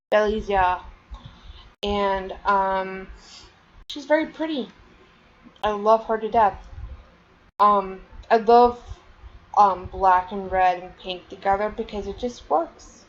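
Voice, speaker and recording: Woman vlogger rambling about her stuff, slow and chatty, kinda muffled lo-fi mic. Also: medium pitch, level tone. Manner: chatty, rambling, many fillers. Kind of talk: casual show-and-tell.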